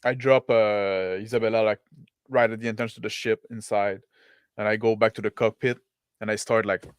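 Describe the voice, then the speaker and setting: Male player, smooth clear tone, dry close mic, loose delivery. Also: on the low side, steady tone, normal speed, no room sound. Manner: casual, filler-heavy with like. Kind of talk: in-character tabletop play.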